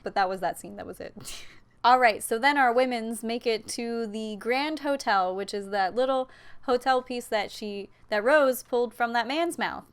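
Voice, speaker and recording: A woman's voice: on the high side, moderate pace, clean tone. A woman giving a casual, profane, sarcastic recap of a horror movie as the host of her channel, tossing in mocking quoted lines. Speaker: video essay host.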